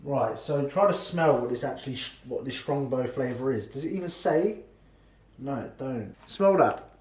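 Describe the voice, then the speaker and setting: A man's voice: medium pitch, lively intonation, moderate pace, reverberant, music in the background. A man, a fitness vlogger and coach, chatting casually and jokingly through a product review and swearing freely.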